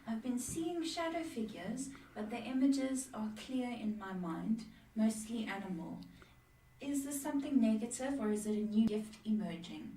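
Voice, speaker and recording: A woman co-hosting a psychic show, reading viewers' questions aloud in a plain, steady way. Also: on the high side, moderate pace, recorded from a distance, slight background noise. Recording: echoey room, off-mic.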